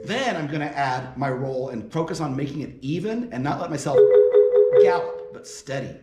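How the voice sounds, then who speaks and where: A man's voice: fairly high pitch, animated, normal speed, loud music behind the voice. A man giving a percussion lesson, explaining audition tips and counting rhythms aloud as he demonstrates. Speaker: percussion professor. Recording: roomy with loud marimba.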